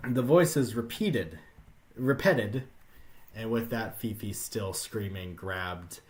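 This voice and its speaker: A man's voice: on the low side, takes it slowly. A man casually reading a story aloud as a podcast host, with swearing and laughing asides.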